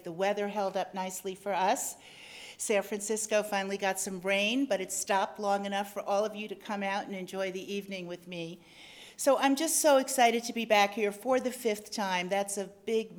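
Effusive middle-aged woman speaker. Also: medium pitch. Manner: effusive, grateful, upbeat. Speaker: guest speaker. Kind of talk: enthusiastic public talk. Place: club lecture venue.

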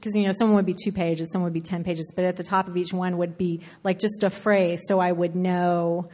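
A woman's voice: lowish voice, level tone, a little fast, mellow. Woman author with a bit of a southern accent, lots of ums and you knows, live event, reverby hall. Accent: faint Southern American. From Alabama, US Southern. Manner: chatty, frequent fillers and self-interruptions, laughs often. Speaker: author being interviewed. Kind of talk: conversational interview, thoughtful. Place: live event before an audience.

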